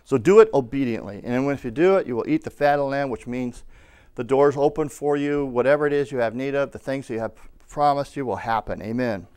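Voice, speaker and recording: A man preaching a sermon, telling a personal story and rising to loud calls of amen. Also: medium pitch, fairly quick, smooth. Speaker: pastor.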